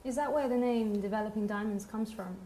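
A woman's voice: mid-range voice, brisk, warm tone, slight background noise. A woman hosts a casual interview, asking questions in a playful, laughing way. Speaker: host.

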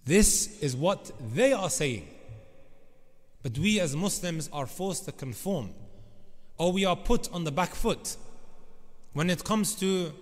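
A man's voice: high-pitched, lively intonation, slow, pauses often. A man preaching a sermon, emphatic and often turning to address the congregation directly. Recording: long reverb of a large hall.

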